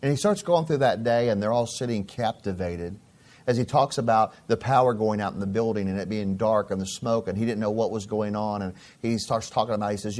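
A middle-aged male pastor delivers his sermon in a somewhat low voice. He talks like he's chatting with friends, spinning stories and doubling back on his words. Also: a little fast, darkish tone. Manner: conversational storytelling, repeats phrases.

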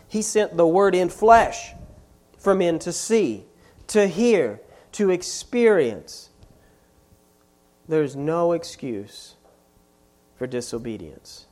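Slow, emphatic preacher with lively pitch. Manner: emphatic, repeats key phrases with rising force. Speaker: pastor. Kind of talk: sermon.

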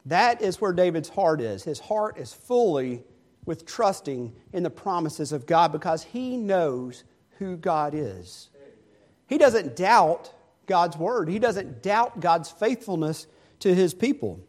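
A male preacher delivers a sermon, retelling a story with lively, animated emphasis. His voice sits notably high for a man. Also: slow pace.

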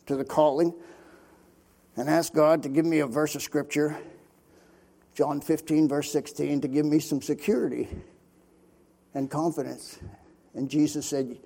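Gravelly older man telling his testimony. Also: fairly high pitch, mellow. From Pennsylvania. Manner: folksy storytelling with many fillers. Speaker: missionary preacher. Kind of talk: sermon testimony.

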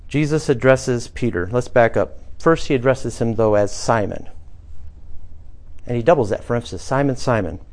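A man's voice: mid-range voice, moderate pace, darkish tone. A man, the pastor, preaching a conversational sermon to his church congregation, building to emphatic passages. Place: small church, former bank building.

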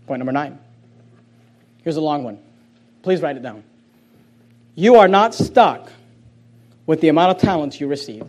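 A man pastor preaching a sermon forcefully, with sudden loud outbursts and quiet drops, mimicking excuses in a whiny voice. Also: on the high side, big pitch swings, moderate pace, pauses often.

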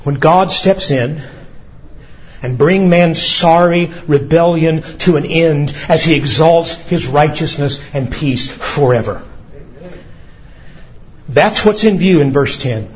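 A male pastor preaching a sermon with passion, swinging between commanding shouts and low quiet asides. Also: slow, dull audio.

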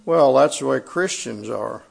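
Man preaching, middle-aged, gravelly, mid-pitched, conversational and halting, church sanctuary. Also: expressive, a little mellow. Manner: conversational, halting with fillers and restarts. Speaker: pastor. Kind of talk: sermon.

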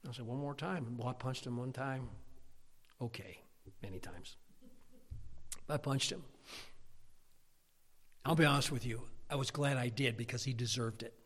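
A man preaching a storytelling sermon, animated, swinging between loud exclaims and hushed whispers. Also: mid-range voice, moderate pace, long pauses, breathy edge.

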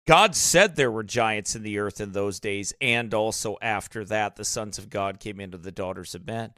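A man with a rural American accent hosts a reaction video, exclaiming, repeating himself and preaching excitedly. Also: on the low side, moderate pace, no room sound, studio quality. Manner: repeats phrases, exclaims, wonders aloud. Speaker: host reacting to a documentary.

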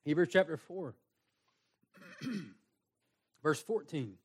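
A man's voice: on the high side, big pitch swings, extremely slow, slightly rough. A man pastor preaching a sermon in a small church, earnest and reading scripture aloud. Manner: earnest preaching, reads scripture aloud in King James wording.

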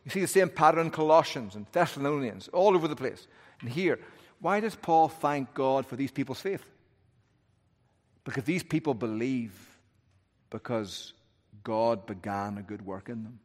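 A man preaching a sermon as pastor, speaking emphatically and swinging from strong rises down to hushed low phrases. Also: normal speed, big-room sound. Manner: emphatic preaching, rising and dropping to hushed lows.

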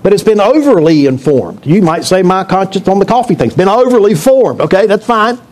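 A man's voice: high-pitched, sing-song, brisk, darkish tone. A man preaching a sermon to his congregation in a church, talking in a conversational, joking way and asking the room questions. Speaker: pastor.

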